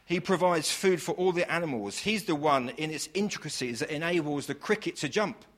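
Impassioned male preacher. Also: on the high side. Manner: emphatic, piles up long lists of praise words; swings from loud declaration to hushed, slow lines. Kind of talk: sermon.

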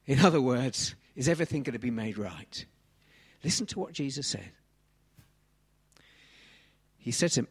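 A man in his thirties from England preaching a sermon on a handheld mic, animated and swinging from soft asides to loud exclamations. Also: medium pitch, moderate pace, long pauses, husky.

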